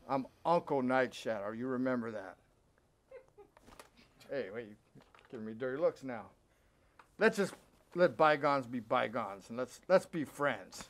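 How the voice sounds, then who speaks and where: A man hosting a horror show, doing comic banter and swinging from shouts to mumbles. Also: mid-range voice, a little slow, pauses often.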